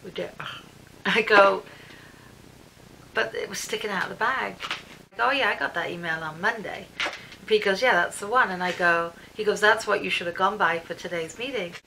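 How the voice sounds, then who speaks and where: A woman's voice: medium pitch, normal speed, long pauses, slight background noise, low-quality recording. A British woman telling her day in a chatty vlog at home, acting out what everyone said, recorded on her camera. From Britain. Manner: chatty, animated storytelling with reported speech. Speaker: vlogger. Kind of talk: casual vlog rant recounting her day.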